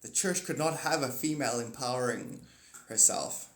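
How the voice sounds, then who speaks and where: Guy on a phone livestream rambling about manifesting, echoey room, middle pitch. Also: moderate pace. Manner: rambling, animated, spiritual talk. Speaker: livestream host. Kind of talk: casual livestream chat reading comments.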